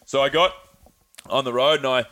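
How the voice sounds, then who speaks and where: A man's voice: mid-range voice, steady tone, moderate pace, fairly bright tone. A young man telling travel stories in a casual, laid-back chat, swearing freely and acting out the people he quotes. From Australia. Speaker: podcast guest.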